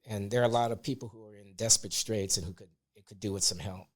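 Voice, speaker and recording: A man speaks as a guest on a podcast. He talks in a measured, deliberate way. He stresses his key words firmly. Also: fairly low pitch, fairly even intonation. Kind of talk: conversational opinion talk.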